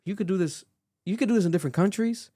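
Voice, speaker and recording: A man on a podcast, talking in a loose, animated way with many fillers and restarts. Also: sits high, fast, no echo, studio quality. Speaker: podcast co-host. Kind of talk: casual podcast chat.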